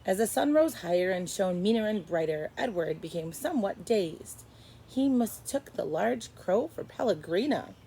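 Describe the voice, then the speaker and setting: A woman teacher reading a chapter book aloud to first graders, expressive and stopping to explain. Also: mid-range voice, normal speed, a little hiss or hum, low-quality recording. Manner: expressive, stops to explain to kids.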